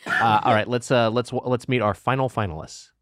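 A man co-hosting a casual food podcast, making wry, deadpan asides. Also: mid-range voice, moderate pace, noisy background. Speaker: podcast co-host. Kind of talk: casual chat.

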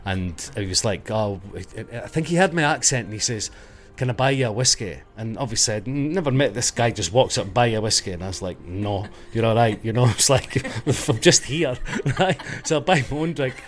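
A middle-aged Scottish man with a Scottish accent chats as a guest in a casual interview, spinning rambling stories and correcting himself along the way. His mid-range voice has lively intonation, moving at a normal speed with few pauses.

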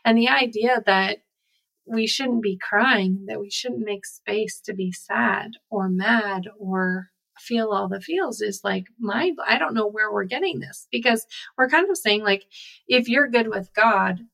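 A woman with a gravelly, fry-edged voice recounts a story in a relaxed podcast chat. She talks loosely and fills her sentences with "like" and "you know.". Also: mid-range voice, a little slow, rough recording. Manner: chatty storyteller with many fillers. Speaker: speaker on a faith podcast. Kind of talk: casual conversation.

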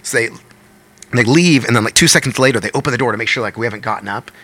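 Fast-talking, animated man telling a story. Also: medium pitch. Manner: animated, profane, acts out quotes. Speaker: podcast guest, touring musician. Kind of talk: casual storytelling chat.

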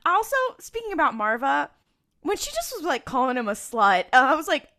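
A woman co-hosting a casual group discussion, talking in an animated, rambling way with lots of fillers. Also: sits high, brisk. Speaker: podcast co-host.

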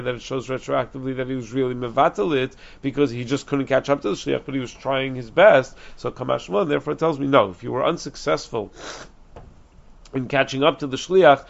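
A man teaching a Talmud lesson, explaining quickly and reasoning aloud with frequent restarts, dropping in Aramaic and Hebrew terms. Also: mid-range voice, gravelly. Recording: dull lo-fi recording.

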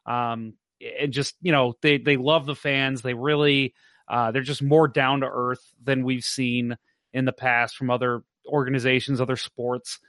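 A young adult man hosting a casual sports podcast, telling anecdotes in an animated way. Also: mid-range voice, a little slow, no echo, studio quality. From St. Louis, USA. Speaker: podcast host.

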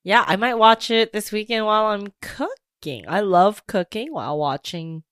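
A woman in casual chat, playful and quick, trailing off with fillers. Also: medium pitch, animated, a bit bright, dry recording, studio quality.

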